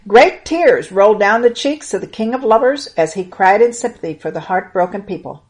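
A woman reading a Bible story aloud to children in an earnest, expressive way. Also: medium pitch, a little fast.

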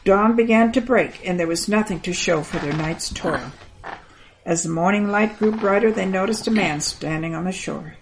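A woman hosting a children's program, reading a Bible story aloud in a gentle, expressive way and speaking directly to the young listeners. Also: fairly low pitch, moderate pace, slight background noise, rough recording. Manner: gentle, expressive reading with an affectionate sign-off to kids.

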